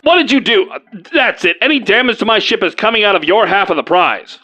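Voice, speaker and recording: A man's voice: sits high, brisk, highs cut off, a little hiss or hum. A man playing an easygoing space detective. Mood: annoyed. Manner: calm, reasonable, lightly sarcastic. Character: male space detective, easygoing, rule-minded. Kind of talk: hobby audio drama.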